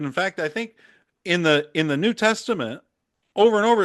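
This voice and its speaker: A man's voice: fairly high pitch, fairly bright tone, no room sound, clean studio sound. A man hosting a podcast, giving casual, opinionated Bible commentary with frequent restarts and chuckles. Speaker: podcast host.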